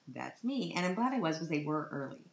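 A woman with a low voice talks casually about her life, chatty and quick with self-deprecating jokes. Her voice sits in a roomy space, and the recording sounds dull with a faint hiss. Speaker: mother giving a personal update. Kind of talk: casual personal monologue.

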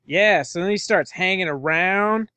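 Casual podcast co-host: a man with a slightly high voice, rambling, dry close mic. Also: a little slow, sharp tone, clear, resonant tone, dry recording. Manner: rambling, laughs often. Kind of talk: casual movie discussion.

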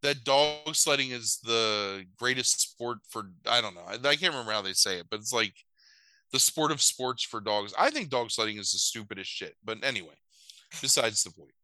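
Brief: man, bright sharp tone, dead-dry room, crude and animated recap. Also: normal speed, no room sound, rough recording. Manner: animated, swears a lot, jumps into silly high voices for characters. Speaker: podcast host recapping a movie. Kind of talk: casual comedic chat.

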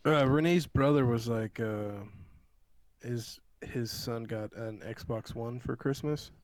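A man co-hosting a laid-back gaming podcast, at a middle pitch. He tells loose stories full of "uh" and "like." He keeps an easy, chatty manner throughout. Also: takes it slowly, dry recording. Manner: relaxed storyteller, heavy with fillers. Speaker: podcast co-host. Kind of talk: casual chat.

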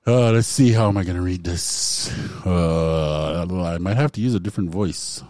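A man's voice: sits low, normal speed, darkish tone, no echo. A man hosting a casual song-guessing game with friends, reading lyrics aloud in a playful, theatrical way. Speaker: game host.

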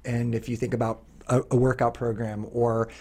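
Husky-voiced earnest male podcast host. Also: mid-range voice, level tone, moderate pace, a little mellow. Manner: earnest, rambling, with many restarts. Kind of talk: casual podcast chat.

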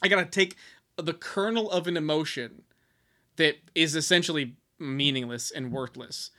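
A man's voice: on the high side, normal speed, bright, forceful tone. A man co-hosting a podcast in casual chat, rambling and sarcastic with mock-dramatic swings and frequent swearing. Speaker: podcast co-host.

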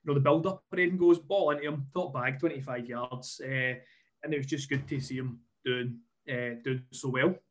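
A man's voice: medium pitch, steady tone, normal speed. A man on a football podcast, making dry, wry remarks in casual chat.

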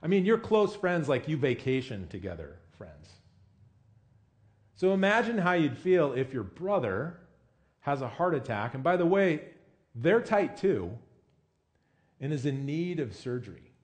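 A man's voice: fairly high pitch, sing-song, measured pace, pauses often. A man preaching a sermon in a casual, conversational way, often asking his listeners questions. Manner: casual with frequent "I mean" and "you know". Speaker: pastor.

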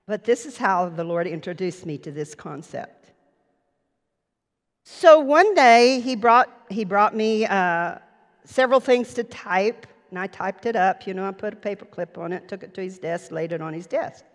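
A woman preacher shares a personal story during an earnest sermon, speaking slowly in a mid-range voice that is still animated. The recording carries the long reverb of a church sanctuary.

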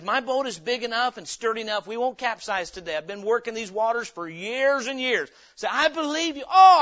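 Male pastor, high bright voice, emphatic sermon delivery, dull lo-fi recording. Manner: emphatic preaching, swings from quiet to loud, acts out a story.

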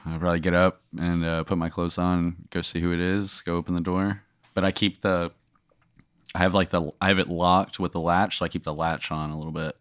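Man, very deep, smooth, dry close recording, hesitant player. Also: level tone, a little fast, fairly bright tone, no echo. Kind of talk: casual role-play chat.

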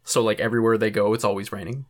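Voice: mid-range voice, level tone, very fast. A young adult podcast co-host recapping an episode in a laid-back, casual way. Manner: laid-back recapping, laughs at own jokes.

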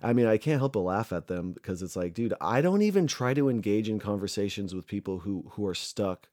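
A man's voice: fairly low pitch, animated, a little fast, a little mellow. A young man, a recovering addict, ranting casually and angrily, swearing a lot and rambling with many fillers. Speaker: recovering addict sharing his views. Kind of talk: casual rant to camera.

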